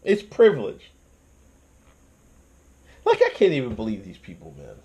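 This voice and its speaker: On his own channel, a young man with a fairly low voice rants fast in casual, profanity-laden commentary, with frequent restarts and laughs.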